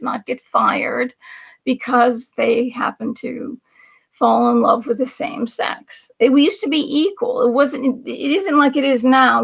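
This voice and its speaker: A woman's voice: a little high, creaky. A woman hosting a livestream, giving rambling political commentary in an indignant, sarcastic way, with repeated asides and some words dropped to a whisper. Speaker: livestream host.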